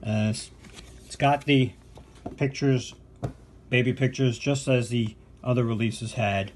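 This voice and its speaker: A man's voice: mid-range voice, steady tone, measured pace, a little mellow, slight background noise. An older American man, a podcast co-host and vinyl collector, talking casually and enthusiastically through a box of records with fillers and asides. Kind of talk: casual unboxing show-and-tell.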